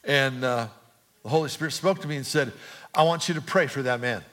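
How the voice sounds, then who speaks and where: A man's voice: medium pitch, fairly quick, fairly bright tone. A middle-aged man preaching a sermon as pastor, telling a personal story casually and then building to emphatic, repeated calls. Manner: preaching with rising emphatic repetition, chatty storytelling. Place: church auditorium.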